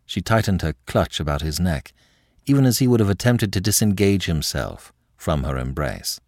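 Deep-voiced guy reading a classic novel, gravelly, super dry sound. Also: normal speed, dry recording. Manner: expressive storytelling. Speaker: audiobook narrator. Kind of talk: scripted narration.

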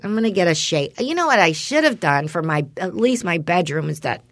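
A woman's voice: fairly low pitch, a little fast, no room sound. Rambling woman telling a casual story. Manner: rambling storyteller, animated when quoting others. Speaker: podcast co-host. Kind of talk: casual chat.

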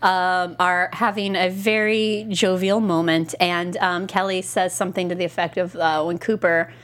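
A woman's voice: on the low side, little pitch movement, moderate pace, fairly bright tone. Woman rambling thru a tv recap in a studio, lots of ums and restarts, easy laugh. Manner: rambling, full of fillers and restarts, laughs easily. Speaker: podcast co-host. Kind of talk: casual chat recapping a TV show. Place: recording studio.

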